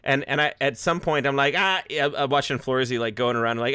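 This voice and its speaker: A man's voice: medium pitch, a little fast, bright, forceful tone, smooth, dry recording. A man hosting a casual livestream podcast over a video call, chatty, with frequent laughs and restarts.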